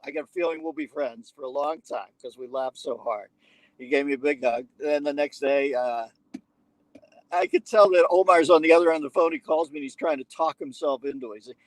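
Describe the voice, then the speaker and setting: On a podcast, a male guest with a voice on the high side tells a lengthy story conversationally, peppering it with crude jokes and wisecracks. He animatedly performs the lines of the people in his tale. There's no echo, and the recording quality is rough.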